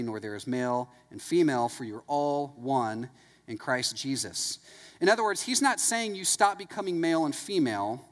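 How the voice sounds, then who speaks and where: Casual-talking male preacher in a reverberant hall. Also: fairly high pitch. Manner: conversational, anecdotal, full of "like". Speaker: pastor. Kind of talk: sermon.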